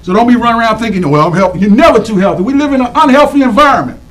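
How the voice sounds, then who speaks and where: A man honoring community women in lively, preacherly shout-outs to an audience, drawing out names and calling for responses. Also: extremely high pitch, poor audio. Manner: preacherly call-and-response, animated, drawn-out names.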